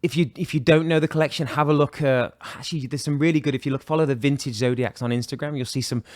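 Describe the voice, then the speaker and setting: A British-accented man, a watch brand director, chats enthusiastically as a guest on a casual podcast, often restarting his sentences. His mid-range voice is a little mellow, fast, and fairly even in intonation.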